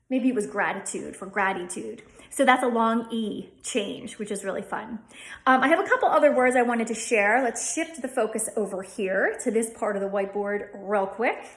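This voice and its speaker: A woman with a Delco accent gives a phonetics lesson at a whiteboard. She talks slowly in a slightly high voice and repeats each example sound several times. The room gives her voice a noticeable echo. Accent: Delco (Delaware County, Pennsylvania). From Delaware County, Pennsylvania. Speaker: dialect coach.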